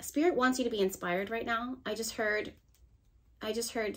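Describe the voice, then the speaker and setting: A woman's voice: a little high, fairly even intonation, moderate pace. A woman giving a casual tarot reading to camera, chatty and encouraging, talking straight to her viewers. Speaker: tarot reader.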